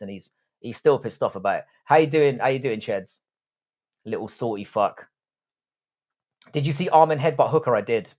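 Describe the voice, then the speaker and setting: A young British man hosts a casual live stream, greeting viewers and riffing on their comments. His talk is crude and profane, full of jokey asides. His voice sits at an ordinary middle pitch. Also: lively intonation, normal speed, darkish tone. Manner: crude, profane, joking banter.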